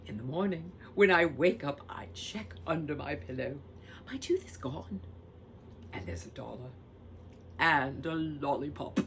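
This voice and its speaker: A woman reading a children's storybook aloud, very expressive, acting out the characters as she goes. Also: low voice, normal speed, a little hiss or hum.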